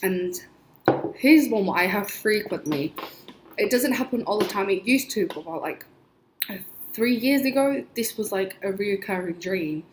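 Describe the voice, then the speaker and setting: A young woman with a mid-range, expressive voice vlogs about her dreams at a normal speed, rambling and chatty, full of "like" and little laughs. It's casual storytelling, recorded in an echoey room with faint background noise.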